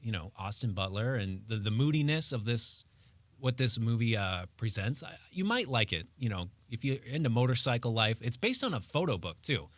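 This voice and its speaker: A man's voice: mid-range voice, sing-song, moderate pace, a bit bright, dry recording. A young man, a radio show producer, reviewing a movie in a casual, joking, wry way. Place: radio studio.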